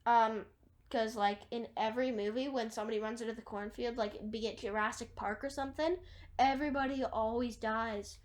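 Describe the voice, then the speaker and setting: A woman casually retelling a movie plot, rambling through long chains of "and then" and fillers, with wry asides. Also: fairly high pitch. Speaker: movie recapper.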